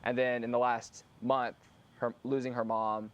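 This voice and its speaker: A man tells a personal story in a rambling, candid way and keeps restarting his sentences. His voice sits at an ordinary medium pitch. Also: little pitch movement, unhurried, clear, resonant tone. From San Francisco Bay Area. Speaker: former skateboarder and YouTuber.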